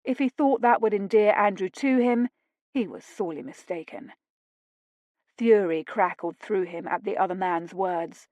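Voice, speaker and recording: A woman reading a romance audiobook in steady, measured scripted narration on a close mic. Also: medium pitch, no room sound.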